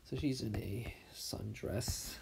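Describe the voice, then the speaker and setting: A tired man with something in his throat, mumbling softly and half-whispering as he comments on his drawing. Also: fairly low pitch, takes it slowly, gravelly, a little hiss or hum. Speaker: artist streaming his drawing. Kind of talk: casual commentary while drawing.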